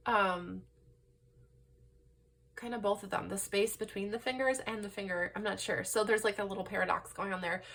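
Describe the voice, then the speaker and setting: A young woman doing a casual pick-a-card tarot reading, rambling and excitable with many "like"s and "um"s. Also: mid-range voice. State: laugh-crying. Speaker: tarot reader.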